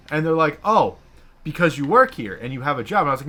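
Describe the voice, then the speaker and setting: A man co-hosting a casual gaming chat, telling a profane, animated story and acting out the people in it. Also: fairly high pitch, quick pace. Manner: profane, animated, acts out quoted bosses.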